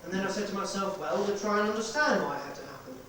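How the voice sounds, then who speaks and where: A man rehearsing a stage play as a stern police inspector, questioning in a measured, relentless way. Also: sits high, far from the mic, natural voice. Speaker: amateur stage actor. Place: rehearsal hall. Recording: echoey hall recorded from afar, noisy.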